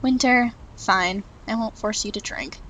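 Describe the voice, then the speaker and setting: A woman voicing a stern young male mentor in a visual novel, reading his lines in a measured, slightly lowered voice. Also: a bit bright, muffled recording, slight background noise, lightly acted. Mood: firm.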